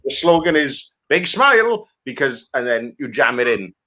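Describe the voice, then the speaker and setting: A man from Wales, a guest on a comedy show, pitching absurd products in rambling, sweary banter. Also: normal speed, bright, forceful tone. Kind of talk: improvised comic pitch.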